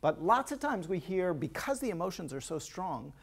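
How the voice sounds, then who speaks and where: A man professor presenting a talk on relationship research in a clear, explanatory manner. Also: high voice, big pitch swings, moderate pace. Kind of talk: scripted talk on couples' health.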